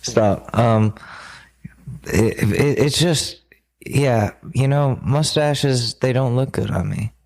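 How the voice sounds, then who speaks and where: A man's voice: mid-range voice, slow pace, darkish tone. A man co-hosting a podcast in casual comedic chat, rambling and joking with plenty of swearing. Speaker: podcast co-host.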